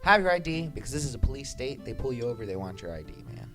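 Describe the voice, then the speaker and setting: A man co-hosting a podcast in loose, animated chat, swearing freely and slipping into put-on voices. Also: mid-range voice, fast, over loud music. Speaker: podcast co-host. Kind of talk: casual chat.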